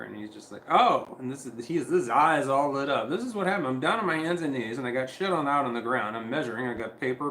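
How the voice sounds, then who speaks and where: A man rambles through a story on a casual livestream, swearing freely and restarting his sentences. His voice sits at an ordinary pitch and echoes in a room with a faint hum behind it. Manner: rambling, profane, restarts often, quotes others in animated voices. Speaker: vlogger telling a story.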